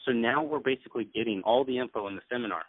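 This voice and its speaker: A man who owns a clinic, coaching other practitioners in an animated way and acting out what he tells patients. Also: medium pitch, very fast, husky, no room sound. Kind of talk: conversational sales coaching. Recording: dry, tinny call audio.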